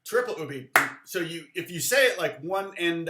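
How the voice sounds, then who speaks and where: A middle-aged man teaching a live-streamed guitar lesson in a loose, chatty way, often counting rhythms out loud. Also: a little high, expressive, quick pace, hardly any pauses, reverberant. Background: guitar playing.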